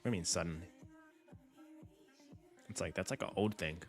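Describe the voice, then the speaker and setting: A man's voice: sits low, moderate pace, soft background music. A young man hosting a finance livestream, chatting casually with his viewers and laughing often. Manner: animated, chatty, talks to chat, laughs often.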